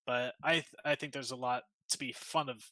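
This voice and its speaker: A man co-hosting a gaming livestream and running games as game master, chatting in a halting, playful way with many repeated words. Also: mid-range voice, fairly even intonation, pushed and bright, no echo. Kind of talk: casual livestream chat.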